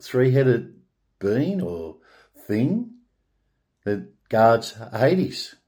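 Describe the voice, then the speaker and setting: A man with an Australian accent speaks slowly in a rambling solo monologue. He stumbles and restarts words, then swings into grand, proclaiming statements. His voice sits at an ordinary middle pitch. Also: big pitch swings, dark tone. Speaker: online spiritual speaker.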